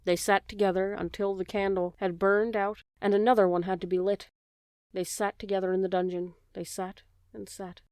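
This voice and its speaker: Woman narrator, children's audiobook, smooth resonant voice, dry close sound. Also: medium pitch, no room sound. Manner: measured, expressive storytelling.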